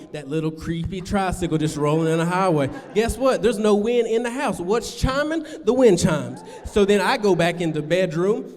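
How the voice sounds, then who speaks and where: A man performing a stand-up comedy set on stage, telling loose stories and putting on squeaky high voices for other people. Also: big-room sound. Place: comedy venue stage with live audience.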